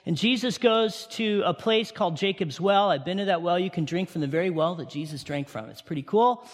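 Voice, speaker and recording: A man preaching a sermon to his congregation, animated and firing questions at them. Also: high-pitched, a little fast. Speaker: pastor. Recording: long hall reverb.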